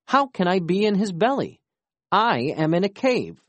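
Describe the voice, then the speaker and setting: A storyteller voicing a boastful male coyote trickster, eager and quick to brag. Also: mid-range voice, big pitch swings, dry recording, voice pushed up. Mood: alarmed.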